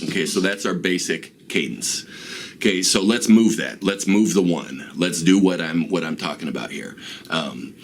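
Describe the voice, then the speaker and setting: A man explains rap rhythm in a relaxed, casual lesson, often pausing with ums and uhs. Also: sits low, gravelly, slight background noise. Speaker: rap teacher and host. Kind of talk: casual instructional talk.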